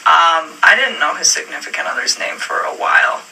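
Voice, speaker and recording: A woman speaks hesitantly in a police interview, with a gravelly edge and a sharp, tense tone. She is picked up by a distant room mic, with faint noise underneath. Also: deep voice, lively intonation, fairly quick. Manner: hesitant, many fillers and restarts. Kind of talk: police interview, recounting events.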